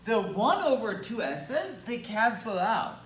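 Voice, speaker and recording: A math lecturer with a Belgian accent works at a whiteboard, explaining with enthusiasm and tossing in little playful asides. His pitch moves up and down in a lively way, though his pace stays slow and deliberate. The mic sits at a distance in an echoey room, with a faint hum in the background.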